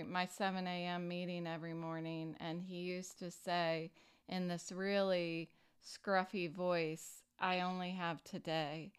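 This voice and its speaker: A woman hosting a personal recovery podcast, talking earnestly and unhurriedly with frequent fillers and pauses. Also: fairly low pitch, clear, resonant tone. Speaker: podcast host.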